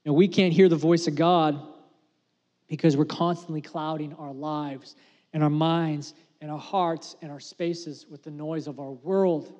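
A man preaching a sermon as pastor, earnest and conversational, dropping to a hush for emphasis. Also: fairly high pitch, steady tone, measured pace, long reverb tail, dull audio. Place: church sanctuary.

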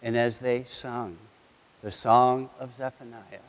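A middle-aged man preaching a sermon as a pastor, telling a family story with animated delivery and acting out his sons' lines. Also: mid-range voice, takes it slowly. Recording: long hall reverb.

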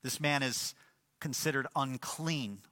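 Male pastor, emphatic sermon delivery, bright tense voice, long hall reverb. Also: mid-range voice, takes it slowly. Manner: emphatic preaching with repeated phrases and rhetorical questions.

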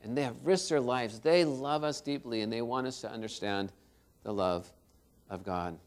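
A man preaching a sermon as pastor, telling a story and swinging between loud and soft. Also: medium pitch, normal speed.

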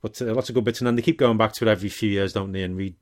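Relaxed man chatting about films. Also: fairly low pitch, very fast, no room sound, clean studio sound. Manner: relaxed, rambling, thinks aloud with fillers. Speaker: podcast co-host. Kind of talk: casual film podcast chat.

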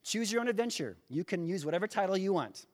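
A male pastor preaching a sermon, speaking directly to his congregation and building to impassioned, near-shouted emphasis. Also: high-pitched, animated, quick pace. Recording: long hall reverb.

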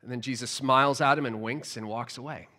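Bright-voiced man telling a sermon story. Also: mid-range voice, brisk. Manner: animated storytelling, repeats words as he restarts. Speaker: pastor.

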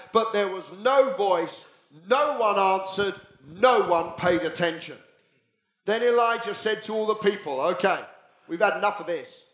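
Pastor guy preaching in an echoey church, fairly high voice, gets loud and animated. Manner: animated storytelling with bursts of shouting. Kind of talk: sermon.

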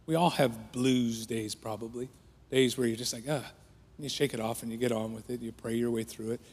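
A pastor preaching a sermon with passion, his voice rising for prayers and dropping low for quiet points. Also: steady tone, brisk, husky. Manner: impassioned preaching that swells then drops to a hush. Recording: long hall reverb.

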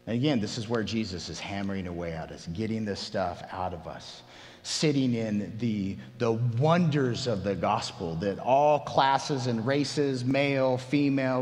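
A man preaching a sermon as pastor, emphatic and animated, often restarting his phrases. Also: fairly low pitch, in a large hall, a little hiss or hum.

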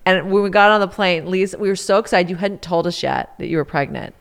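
Smooth-voiced woman asking questions. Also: fairly low pitch, fast. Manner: asks curious follow-up questions. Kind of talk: casual chat.

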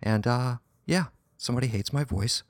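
A man's voice: medium pitch, normal speed, no room sound, studio quality. A man hosting a casual film review podcast, talking in a rambling, hesitant way with many false starts. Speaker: podcast host.

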